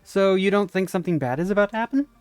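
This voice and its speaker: A man's voice: high-pitched, expressive, quick pace, clear, resonant tone, no room sound, voice pushed up. A man reading the lines of an anxious young woman police officer in a game, in an uneasy, questioning way.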